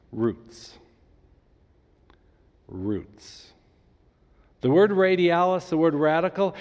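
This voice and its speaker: Preaching with a medium pitch, the pastor brings his stories to life by performing each person in them. For emphasis he slows down and drops to almost a whisper, all heard through long hall reverb.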